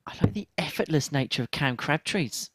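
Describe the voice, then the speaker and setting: A male darts commentator with a fairly high voice calls scores and finishes in steady, slightly fast play-by-play, dropping dry asides between throws. The live sports commentary is miked close and dry, with no echo or room sound.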